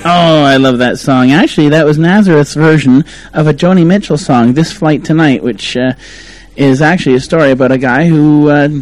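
A man's voice: on the high side, fairly quick, a little mellow, low-quality recording. A Canadian man hosting a radio talk show, chatting casually and laughing often.

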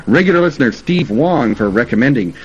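Over dull, lo-fi radio audio carrying faint noise, a man in a mid-range voice speaks fairly quickly and animatedly. He's upbeat and promotional about where to stay and dine, and often says "uh."

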